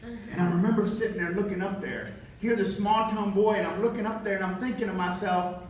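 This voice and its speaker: High-voiced man speaking in an echoing hall. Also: a little fast, slight background noise. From Texas. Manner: animated storyteller acting out dialogue with laughs. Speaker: keynote speaker. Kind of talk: motivational storytelling speech. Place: large hotel event hall. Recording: very echoey hall, voice far from mic.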